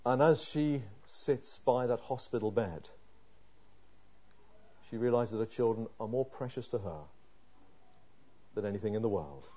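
A man preaching a sermon, reading scripture aloud and voicing the psalmist's prayers, moving from hushed pleading to loud, impassioned emphasis. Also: mid-range voice, measured pace, pauses often, husky, dull audio.

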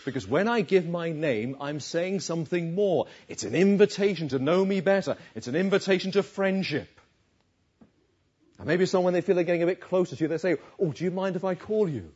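Here a man preaches conversationally, questioning his listeners as he goes. He speaks a little fast in a high-sitting voice that's a little mellow and slightly rough, and the recording is dull lo-fi.

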